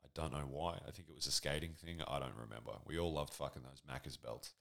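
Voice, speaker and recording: A man in his forties with an Australian accent and an extremely deep voice, telling a rambling, profane, self-deprecating comedic story from his youth. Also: fairly even intonation, fast talker, vocal fry, fairly bright tone. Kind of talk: casual comedic anecdote monologue.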